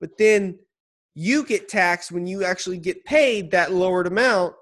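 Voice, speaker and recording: A young man co-hosting a casual chat show, playful and teasing in quick banter. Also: sits high, a bit bright. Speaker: podcast co-host.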